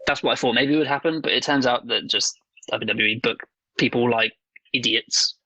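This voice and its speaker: Blunt, gravelly-voiced man on a podcast. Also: medium pitch, normal speed, bright, forceful tone, no echo, low-quality recording. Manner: blunt, swears freely, acts out voices while joking. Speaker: podcast co-host. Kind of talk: casual chat.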